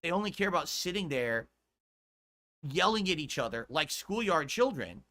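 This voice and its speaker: A man's voice: on the high side, big pitch swings, moderate pace, pushed and bright. A man, a streamer, ranting in exasperated, profane commentary in a clip played back by another streamer.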